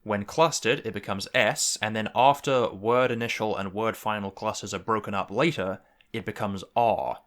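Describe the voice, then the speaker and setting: A man's voice: lowish voice, fairly even intonation, normal speed, hardly any pauses, a bit bright. A young man explaining and thinking aloud in a tutorial, musing and correcting himself as he goes. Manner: musing, self-correcting, precise about sounds. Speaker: conlang creator.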